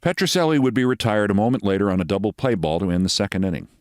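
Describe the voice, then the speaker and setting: A man's voice: fairly low pitch, rapid-fire, no echo, studio quality. A man in his sixties, a show host, telling a personal story as a monologue with dramatic, emphatic delivery. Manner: dramatic, emphatic storytelling with sudden loud bursts.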